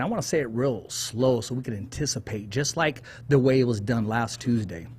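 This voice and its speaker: A man hosts an interview show from a production studio, with a husky edge to his voice. He stretches out big announcer-style introductions and often doubles back on his words. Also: mid-range voice, expressive, darkish tone. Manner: drawn-out hype introductions, repeats words often. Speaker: podcast host. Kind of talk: energetic interview hosting with announcer flourishes.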